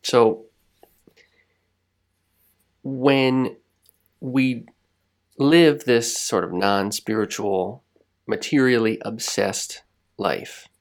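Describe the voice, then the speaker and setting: A man co-hosting a podcast, talking in a reflective, rambling way with frequent restarts and soft laughs. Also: medium pitch, fairly even intonation, drawn-out words, pauses often. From United States. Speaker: podcast co-host. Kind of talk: reflective casual chat.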